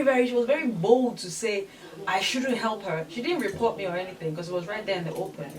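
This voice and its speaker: A woman from Nigeria, a guest in an interview, telling stories with animated delivery and acting out what other people said. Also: medium pitch, quick pace. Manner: animated storytelling, acts out other people's voices. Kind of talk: candid interview conversation. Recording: distant mic with crowd noise.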